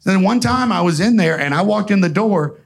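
A man telling profane, animated stories in a casual way, laughing often. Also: high-pitched, a little fast, creaky. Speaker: storyteller guest. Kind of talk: casual storytelling before an audience.

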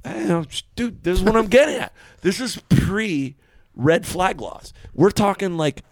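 A man's voice: high-pitched, lively intonation, moderate pace, creaky, no room sound, studio quality. A young man telling a long story in casual chat, cursing freely and restarting his sentences. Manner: profane, rambling storytelling with restarts. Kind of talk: casual chat among friends.

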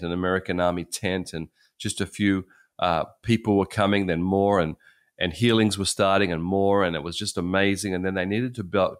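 A man in his sixties preaching, telling stories in a conversational way that repeats and restarts phrases. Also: low-pitched. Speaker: pastor. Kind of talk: sermon storytelling.

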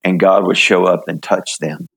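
An older man from the United States telling his story in an interview, halting, with many fillers and restarts. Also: low-pitched, steady tone, vocal fry, fairly bright tone, slightly rough. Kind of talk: relaxed testimony in conversation.

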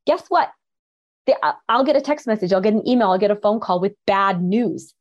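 A woman's voice: mid-range voice, animated, brisk. Upbeat woman coach, dull lo-fi sound. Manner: upbeat and enthusiastic. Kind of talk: conversational podcast interview.

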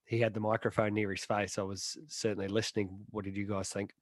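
Measured male co-host, low-pitched, casual motorsport chat. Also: flat delivery, no echo. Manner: measured, reflective, turns topics to others. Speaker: podcast co-host.

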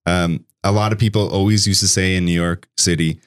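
Low-voiced laid-back podcast co-host man. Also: fairly even intonation, brisk, clear, resonant tone. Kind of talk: casual gaming podcast chat.

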